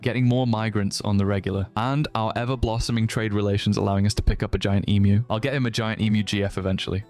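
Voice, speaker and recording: A man narrating his own game playthrough with dry jokes and the odd curse. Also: fairly low pitch. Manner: dry joking, swears, shouts in alarm at game events. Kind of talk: wry game narration mixed with live stream reactions.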